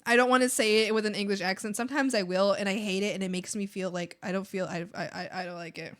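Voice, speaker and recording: A woman's voice: medium pitch, steady tone, quick pace, a bit bright. A young woman streams live and chats casually while she draws. Her American accent sounds like a native English speaker's, though Spanish was her first language. She rambles, restarts her sentences and fills the gaps with "um" and "like.". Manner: rambling, many fillers and restarts. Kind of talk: casual chat while drawing.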